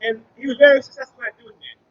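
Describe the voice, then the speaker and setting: A former drug trafficker who now mentors youth shares his personal testimony with a church audience, earnestly telling the story and acting out the dialogue along the way. His voice is extremely high-pitched with fairly even intonation, and he talks fast; the audio is dull with a little hiss or hum.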